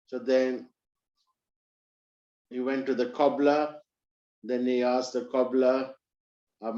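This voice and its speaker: A man preaching who tells a story in a lively way and acts out its characters. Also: mid-range voice, slow, long pauses. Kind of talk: storytelling in a sermon. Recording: roomy, slightly dull recording.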